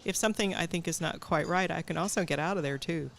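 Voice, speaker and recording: A woman guest on a casual interview, speaking in a measured, matter-of-fact way about business. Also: on the low side, vocal fry, a little hiss or hum.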